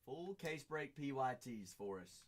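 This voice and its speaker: An American man hosts a live card-break stream, his medium-pitched voice lively in intonation but unhurried. He hypes the remaining slots with upbeat sales patter, repeats phrases, and chats casually with viewers.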